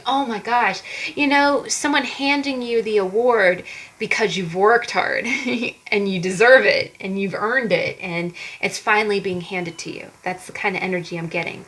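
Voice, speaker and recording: A woman's voice: mid-range voice, a bit bright, poor audio. A woman giving a casual tarot card reading to viewers, chatty and encouraging, often repeating herself.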